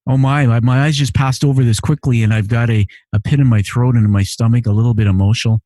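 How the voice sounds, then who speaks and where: A man's voice: mid-range voice, fairly even intonation, fast, mellow, no echo. A man hosting his podcast from a home studio, reading listener messages in an earnest, emotional way and often repeating phrases. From immigrant to Canada. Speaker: podcast host. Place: home living room studio.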